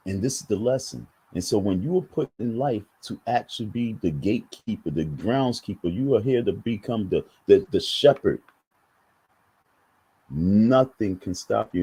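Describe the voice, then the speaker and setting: Husky, low-voiced man ranting. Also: mellow, poor audio. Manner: emphatic, blunt, profane. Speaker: online commentator. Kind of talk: preachy monologue to viewers.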